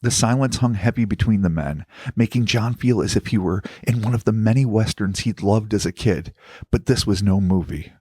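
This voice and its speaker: A man hosting a podcast, reading out a story in a measured, dramatic narration. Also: fairly low pitch, mellow, husky, no echo, clean studio sound. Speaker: podcast host.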